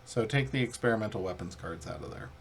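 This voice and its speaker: A man's voice: fairly low pitch, animated, fast talker, vocal fry, a little hiss or hum. A man co-hosting a board game playthrough, reading the rules aloud in a casual, joking way. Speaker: co-host and rules reader.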